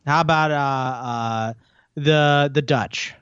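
A man co-hosting a podcast in casual chat, with short, deadpan replies. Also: fairly high pitch, takes it slowly, clear, resonant tone, dry recording, dull audio. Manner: deadpan, curt. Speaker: podcast co-host.

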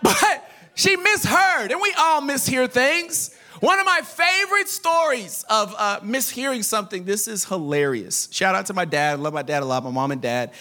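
A young adult man preaching a sermon as pastor, telling stories in an animated way with playful quoted voices. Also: high-pitched, moderate pace.

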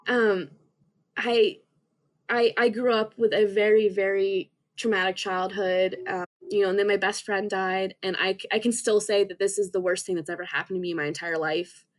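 A young woman, a podcast guest, telling an emotional personal story in an earnest, halting way with many restarts. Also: mid-range voice, fairly even intonation.

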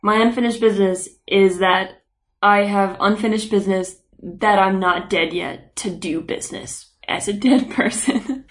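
A woman's voice: medium pitch, unhurried. Playful, rambling woman podcaster. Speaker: podcast co-host. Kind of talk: casual chat.

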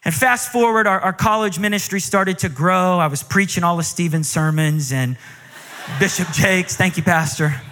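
A man in his thirties delivers a storytelling sermon in a high, bright voice, acting out each exchange with climbing intensity. His words ring out with a long reverb tail from a large church auditorium. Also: moderate pace. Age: 30s. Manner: animated, acts out quoted dialogue, pitch climbs with emotion. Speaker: guest preacher.

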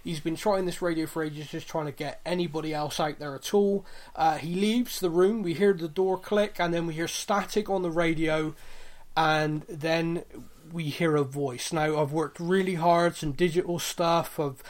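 Joking podcast co-host. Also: male voice, on the high side, steady tone, moderate pace. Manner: joking, mock-scolding, chatty. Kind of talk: casual podcast chat.

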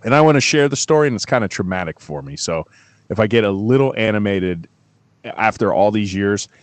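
A man's voice: lowish voice, fairly quick, dry recording. Middle-aged guy talking football, gets heated and swears a lot, dry close mic. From Florida. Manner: animated storyteller, swears freely, gets worked up. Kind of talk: casual sports talk.

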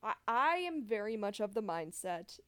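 A woman's voice: medium pitch, sing-song, moderate pace, fairly bright tone, no room sound. A woman co-hosting a podcast in casual chat, rambling with lots of fillers and self-corrections. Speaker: podcast co-host.

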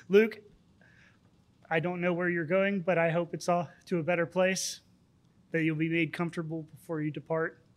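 A man's voice: a little high, steady tone, normal speed, pauses often. A man hosting a casual podcast, joking and bantering with his guests. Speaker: podcast host.

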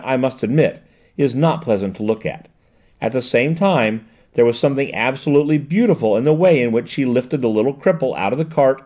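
A sharp, composed woman detective lays out her reasoning point by point, read by a man. The voice is mellow and warm, with a lively rise and fall, precise and measured in an audiobook reading. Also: medium pitch, natural voice.

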